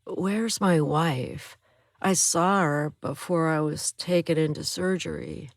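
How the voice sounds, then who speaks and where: A groggy man coming round after surgery, read by a woman narrator. The voice is low and unhurried, with a slow, drowsy delivery. It is recorded close and dry for an audiobook. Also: creaky, no room sound, exaggerated voice.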